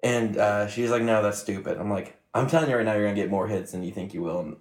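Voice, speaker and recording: A man chatting casually as a podcast guest, relaxed and pausing often with fillers. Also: fairly low pitch, reverberant. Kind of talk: casual chat.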